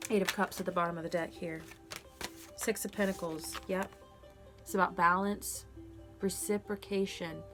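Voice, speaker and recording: A woman's voice: lowish voice, fairly even intonation, moderate pace, long pauses, music in the background. Earnest woman giving a tarot reading. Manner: earnest, emotional and encouraging, speaking to viewers directly. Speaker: tarot reader.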